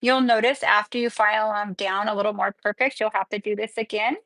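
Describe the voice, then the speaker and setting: A woman's voice: medium pitch, steady tone, brisk, fairly bright tone, no room sound, rough recording. A middle-aged woman teaching nails on a livestream, chatty and upbeat, talking as she works. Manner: chatty, upbeat, talks while working. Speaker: nail instructor. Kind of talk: livestreamed nail tutorial.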